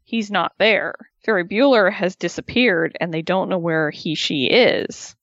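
A woman's voice: on the low side, a little slow, a bit bright. A chatty woman co-hosting a casual podcast, retelling events at an easy pace and slipping into exaggerated voices for quotes. The sound is a little muffled and lo-fi, and the recording is dry and close, with no room echo. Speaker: podcast co-host recapping a reality show. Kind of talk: casual chat.

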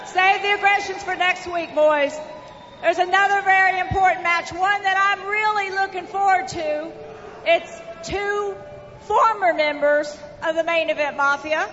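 A Southern woman with a very high voice bosses a room of wrestlers, dropping darling and honey into her orders. The audio is muffled, and a loud crowd roars behind her in the arena. It sounds like a live wrestling broadcast. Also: fairly even intonation, measured pace, slight background noise. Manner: bossy, sprinkles in darling and honey. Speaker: promotion owner on a wrestling show.

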